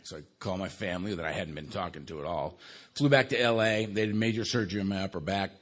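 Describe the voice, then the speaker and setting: A man in his 60s from Los Angeles, USA, addresses a live recovery meeting, telling his story conversationally with dark, wry humor and repeated "right?" check-ins. He talks fast in a low voice, growing quiet and subdued when recalling grave memories.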